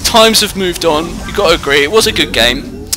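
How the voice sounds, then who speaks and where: A man's voice: a little high, lively intonation, normal speed. A young British man in his teens giving jokey, rambling live commentary on a strategy game into a headset mic. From Britain. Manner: jokey, rambling, self-mocking. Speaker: gameplay commentator. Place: indoors at home, away from the usual recording spot.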